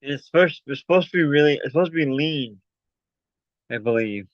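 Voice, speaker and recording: A man with a fairly high voice speaks briskly as he hosts a casual livestream, rambling, chatting and promoting merch. He's out of breath from running up and down the stairs. The audio is dull, lo-fi call quality with no echo.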